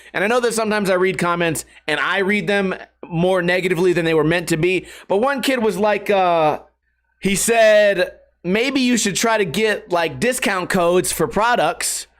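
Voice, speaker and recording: Quoting people in mocking voices, a young adult skateboarding YouTuber rants profanely and with exasperation on a laid-back podcast. He speaks at a moderate pace in a high, fairly bright voice.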